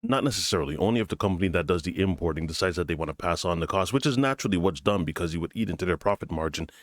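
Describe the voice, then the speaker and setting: A man's voice: deep voice, animated, racing, no echo, clean studio sound. A man hosting a solo commentary show, explaining and arguing over news clips. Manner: explanatory, argumentative. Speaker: political commentary host.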